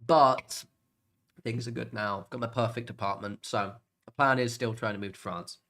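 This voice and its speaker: A man's voice: mid-range voice, steady tone, normal speed, a bit bright. A British man chatting casually while livestreaming a game, rambling between topics, laughing often and swearing now and then. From Britain. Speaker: gaming livestreamer. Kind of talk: casual chat while playing.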